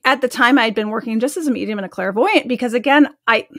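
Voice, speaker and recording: A woman with a somewhat high voice tells stories in a lively, conversational way as a podcast guest. She talks in an animated, chatty manner and scatters "like" through her sentences. Her voice sounds dry and close, with no room echo. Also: quick pace. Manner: chatty and animated, with frequent "like" fillers. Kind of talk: casual storytelling in an interview.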